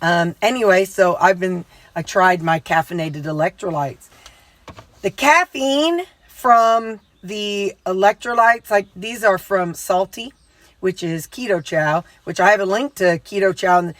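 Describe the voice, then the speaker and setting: A woman's voice: mid-range voice, measured pace, no echo. Chatty woman vlogging. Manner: chatty, rambling, folksy. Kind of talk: casual vlog chat.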